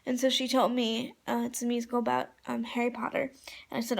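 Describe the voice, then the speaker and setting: Excitable young woman with gravelly fry. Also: fairly high pitch, fast talker. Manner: excitable, gushing, filler-heavy. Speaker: vlogger. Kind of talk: casual storytime vlog.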